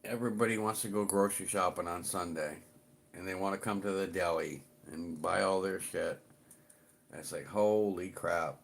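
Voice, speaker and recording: A man's voice: low-pitched, steady tone, normal speed, gravelly. A middle-aged man chatting casually on his livestream, rambling and swearing a little as he greets viewers. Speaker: livestream host.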